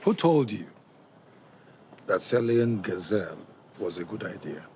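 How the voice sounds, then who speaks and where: A man's voice: fairly low pitch, lively intonation, measured pace, warm tone, slight background noise. A man with a Nigerian accent playing a defiant department head in a TV drama, blunt and fond of Pidgin proverbs. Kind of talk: TV drama acting.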